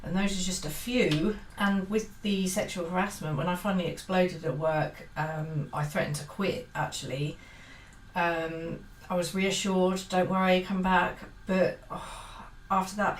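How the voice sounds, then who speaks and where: A woman's voice: lowish voice, fairly even intonation, unhurried, far from the mic. A woman giving a casual, earnest book-review monologue, hesitant and full of fillers and restarts. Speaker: book vlogger. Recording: roomy echo, set back from the mic, faint hiss.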